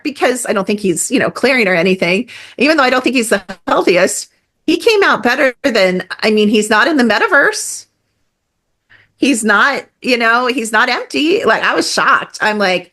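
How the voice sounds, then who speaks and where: A middle-aged woman talking as a guest on a podcast, animated and emphatic, with many fillers and acted-out quotes. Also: a little high. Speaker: guest energy healer. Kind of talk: casual podcast conversation.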